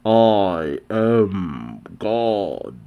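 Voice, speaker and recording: A man voicing a sinister male demon god posing as a deity, speaking slowly, low and coldly mocking while reading a manga aloud. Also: very animated, clear, resonant tone, muffled recording, exaggerated voice. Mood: solemn. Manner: slow, low, cold and mocking.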